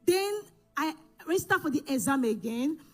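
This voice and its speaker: A woman giving an emotional church testimony, telling her story in halting bursts full of restarts and self-corrections. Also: sits high, expressive, faint music behind. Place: church service.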